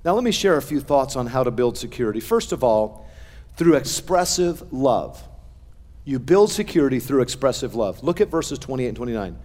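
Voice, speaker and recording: A middle-aged male pastor preaching a sermon, with animated swings in pitch and loudness. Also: normal speed. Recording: long hall reverb.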